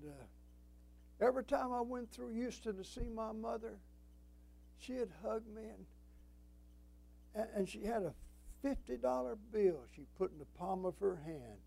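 A man's voice: high-pitched, vocal fry, mellow, a little hiss or hum, poor audio. An older man preaching a sermon as a pastor, folksy and emphatic, quoting scripture and telling stories.

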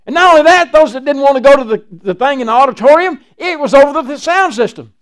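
A man's voice: very high-pitched, animated, quick pace, fairly bright tone. An older man, a pastor preaching a folksy sermon and acting out Bible dialogue.

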